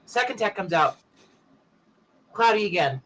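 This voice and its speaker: A man's voice: high voice, expressive, measured pace, a bit bright, low-quality recording. A man hosting a casual tech chat, telling a long anecdote and acting out the other people in it. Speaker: show host.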